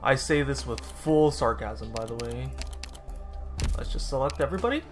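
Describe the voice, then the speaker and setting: A man's voice: mid-range voice, lively intonation, moderate pace, music in the background. Man casually narrating his gameplay. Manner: rambling, self-correcting, dry sarcasm. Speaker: gaming YouTuber.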